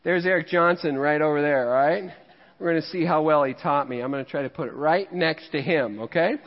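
A fairly high-voiced pastor from Missouri, preaching in a casual, joking way and poking fun at himself. His voice rings with a long reverb through the church, and the recording sounds muffled and dull. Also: a little fast. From Missouri, USA. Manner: jokey, conversational, laughs at himself. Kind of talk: sermon with humorous storytelling. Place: church sanctuary.

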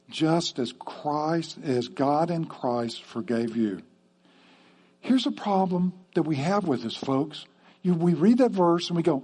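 Husky man preaching a conversational sermon. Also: a little high, warm tone. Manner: conversational, frequent "okay?" check-ins. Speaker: pastor.

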